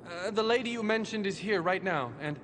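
A hesitant, apologetic attendant. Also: male voice, sits high, brisk, fairly bright tone. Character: apologetic male building attendant on the phone. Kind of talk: dubbed drama acting. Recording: reverberant hall with faint noise.

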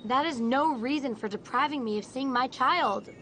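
A woman's voice: high-pitched, normal speed, a bit bright, a little hiss or hum. A desperate, insistent mother. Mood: pleading. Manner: pleading, insistent, urgent. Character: desperate birth mother fighting to see her young son. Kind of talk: dubbed drama acting.

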